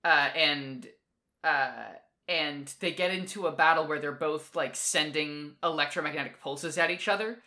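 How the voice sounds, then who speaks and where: A woman's voice: low-pitched, normal speed. A woman co-hosting a podcast, chatting casually and animatedly about a comic, swearing now and then. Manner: animated, swears casually, acts out characters in quotes. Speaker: podcast co-host. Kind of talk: casual chat.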